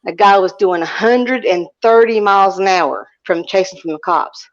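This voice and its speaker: A woman telling a story on a casual live call-in stream. She is animated, laughs often and acts out what she said. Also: medium pitch, moderate pace. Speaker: panelist. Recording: muffled stream audio.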